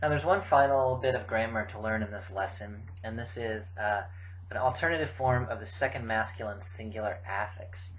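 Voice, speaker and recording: A middle-aged man giving a recorded grammar lecture, explaining forms in a measured way with frequent fillers. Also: on the low side, fairly bright tone, a little hiss or hum, low-quality recording. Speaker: Biblical Hebrew teacher.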